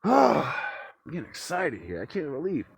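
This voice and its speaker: Husky-voiced man ranting at home. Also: wildly swooping pitch, moderate pace. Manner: agitated, profane, swings between loud outbursts and low muttering. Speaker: vlogger. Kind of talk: rambling solo rant to camera. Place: cold room at home.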